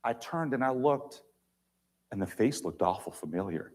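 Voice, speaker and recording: A man giving an inspirational talk on stage in a large auditorium, emphatic, swinging between loud and quiet. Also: medium pitch, expressive, moderate pace.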